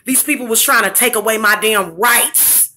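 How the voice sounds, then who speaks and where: A woman venting angrily in a profane vlog rant, with bursts of shouting. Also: a little high, normal speed. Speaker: vlogger. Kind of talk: angry ranting vlog.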